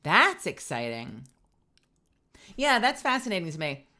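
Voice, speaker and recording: A woman's voice: on the low side, sing-song, a little slow, bright, forceful tone. A woman voice actor chatting casually on a live stream, rambling with lots of fillers. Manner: rambling, many fillers, laughs often.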